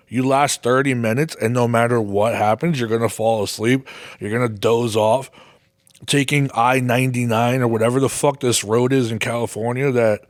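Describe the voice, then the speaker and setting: Recorded at studio quality with no room sound, this man's voice sits mid-range. He hosts a podcast, wandering through a casual story with heavy swearing and laughing at himself.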